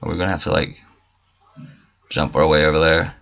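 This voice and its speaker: A man's voice: a bass voice, level tone, a little fast, vocal fry, a bit bright, lo-fi sound. A man casually commentating a gameplay video, swearing freely and making mock-indignant asides. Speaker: gamer. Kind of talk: casual let's-play commentary.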